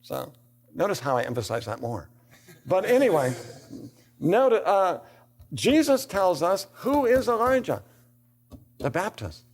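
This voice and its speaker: A man's voice: high voice, sing-song, measured pace, pauses often. An older man giving a theology lecture in a classroom, reading scripture aloud and asking rhetorical questions, building to emphatic bursts.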